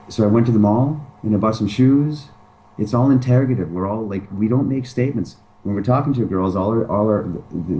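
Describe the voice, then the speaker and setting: A man's voice: fairly low pitch, warm tone, poor audio. A man talking casually as an interview guest, emphatic and acting out pickup lines. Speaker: dating advice guest.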